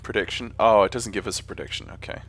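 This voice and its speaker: A man's voice: lowish voice, fast, fairly bright tone, breathy edge. A man with an English accent chatting casually on a live stream while flying a simulator, rambling and often correcting himself. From England. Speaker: flight sim streamer.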